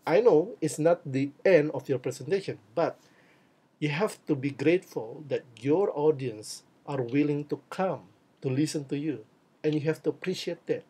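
English teacher, lively demonstrative delivery, warm mellow tone. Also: male voice, fairly high pitch, normal speed, husky. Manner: energetic, demonstrative delivery of phrases; switches between English and Indonesian explanations. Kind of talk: classroom lesson.

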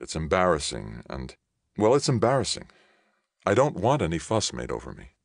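A man's voice: sits low, wildly swooping pitch, normal speed, vocal fry, no room sound, clean studio sound, exaggerated voice. A man reading an audiobook, voicing a reserved, blunt young ex-soldier.

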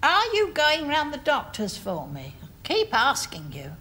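A nagging, put-upon wife. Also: female voice, sits high, huge pitch swings, a little slow, pushed and bright, heavily acted. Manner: nagging, mocking repetition.

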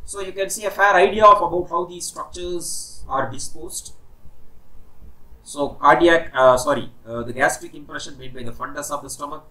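A man teaching an anatomy lesson with a fairly high, bright and forceful voice. He walks through the material step by step, repeating key terms and pausing on "okay" before moving on. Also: poor audio. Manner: explanatory, repeats key terms, stops and restarts, says "okay" often. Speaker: anatomy lecturer. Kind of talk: recorded medical lecture.

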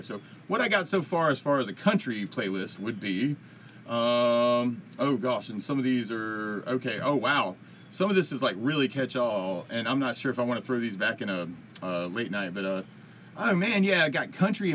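A man's voice: medium pitch, a bit bright, a little hiss or hum. A man hosting a casual live-streamed music Q&A, answering chat from his computer in a rambling, upbeat way with lots of fillers. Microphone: computer mic at a desk.

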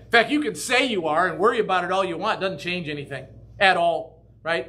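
Bright, high-voiced man preaching. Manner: conversational, animated, keeps asking "right?". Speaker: pastor. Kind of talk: sermon.

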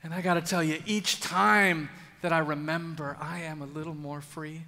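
A man preaching a sermon in a large church, earnest and intimate, with dramatic pauses. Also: on the high side, steady tone, bright, forceful tone. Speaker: pastor. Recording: long church reverb.

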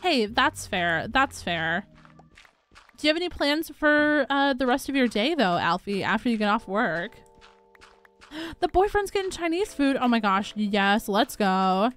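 A young woman hosting a relaxed gaming livestream, chatting upbeat and giggly with her viewers and reading their messages. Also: fairly high pitch, a little slow. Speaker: livestream host. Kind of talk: casual chat while gaming, reading chat. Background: faint background music.

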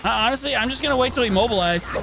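Young man, let's play commentary, swearing, excitable, lively pitch, game music behind. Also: racing, creaky. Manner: profane, excitable outbursts. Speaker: gaming streamer.

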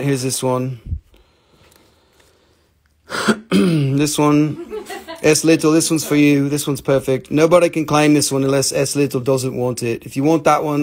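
Gravelly, excitable man selling rocks live. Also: medium pitch. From United States. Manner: excitable, rambling, casually profane. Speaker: live-stream seller. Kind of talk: live sales stream chat.

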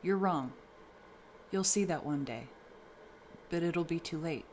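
A man's voice: fairly high pitch, unhurried, a little hiss or hum, lightly acted. A man voicing an arrogant mother caught up in a cult in a read-aloud horror story. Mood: smug. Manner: cold, arrogant, preachy. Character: cult-brainwashed mother, adult woman, smug.

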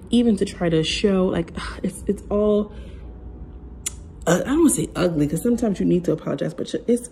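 A woman's voice: medium pitch, gravelly, warm tone, a little hiss or hum. A woman giving casual opinion commentary in a sassy, blunt way, talking straight to her viewers. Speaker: commentary vlogger.

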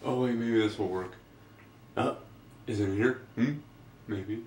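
A man's voice: on the low side, unhurried, a little mellow, a little hiss or hum, close to an everyday voice. A young man dubbing a movie scene as a cocky, joking dude who wants to be the hero, talking in a laid-back slacker way. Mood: sneaky. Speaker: amateur fan dubber. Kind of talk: goofy amateur movie dub. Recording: echoey room recording.

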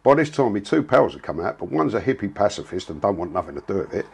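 A man's voice: fairly low pitch, very animated, fast talker, gravelly, breathy edge. A man, telling a story in a blunt, casual way, full of slang and swearing. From England. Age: 60s. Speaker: interviewee.

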